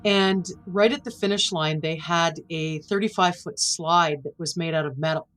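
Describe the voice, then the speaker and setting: Speaking at a moderate pace, this fortyish woman has a lowish yet fairly bright voice, captured on poor audio. She's a podcast guest telling a personal story with earnest emotion, voicing the quoted lines herself.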